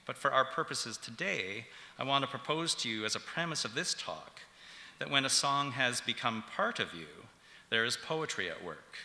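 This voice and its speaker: A man giving a public lecture as a professor, explaining in a measured way with frequent ums and uhs. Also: mid-range voice, animated, pushed and bright. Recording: echoey hall with long reverb.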